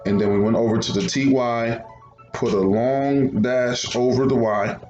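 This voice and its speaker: A man's voice: medium pitch, steady tone, measured pace, a little mellow, roomy sound, lo-fi sound, faint music behind. A man teaching a second grade phonics lesson, patiently repeating each step.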